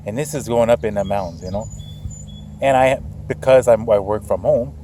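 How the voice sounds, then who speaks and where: A man's voice: on the low side, normal speed, dark tone, a little hiss or hum. A middle-aged man telling a personal story to his viewers in a casual, rambling, earnest way. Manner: rambling, repeats himself, earnest. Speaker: channel host.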